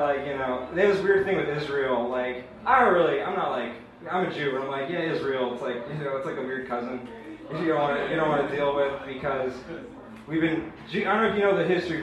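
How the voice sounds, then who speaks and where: A man's voice: on the high side, brisk. A young man doing a rambling, self-deprecating open mic stand-up set, full of fillers. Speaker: stand-up comedian. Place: small open mic room, audience laughing. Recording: echoey live room bootleg from far off.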